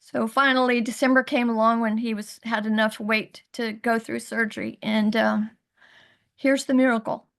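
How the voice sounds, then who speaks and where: A middle-aged woman on a video call, earnestly telling a hard personal story, halting and rising in pitch when upset. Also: fairly even intonation, gravelly, a bit bright. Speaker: guest sharing her story. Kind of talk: emotional personal testimony.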